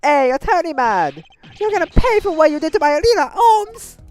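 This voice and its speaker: A woman voicing a brash, loud young male street punk with a taunting swagger. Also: on the low side, normal speed, clean tone, soft background music, close to an everyday voice. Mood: angry.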